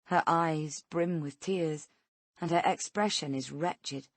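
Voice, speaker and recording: A woman reading a tense first-person thriller in a steady storytelling voice. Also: sits low, takes it slowly, no echo. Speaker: audiobook narrator.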